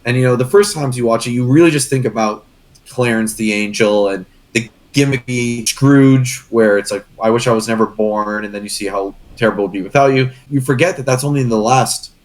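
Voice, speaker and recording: A young man guest co-hosting a podcast talks fairly quickly in a mid-range voice. His casual, earnest chatter wanders, and he becomes emotional along the way.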